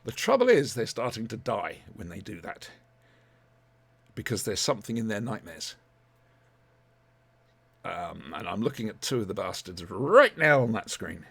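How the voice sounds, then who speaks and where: A man's voice: on the low side, normal speed, vocal fry, long pauses, breathy edge, no echo. A man hosting a casual podcast, rambling with lots of ums as he reviews audio dramas. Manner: rambling, animated, many ums. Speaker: podcast host.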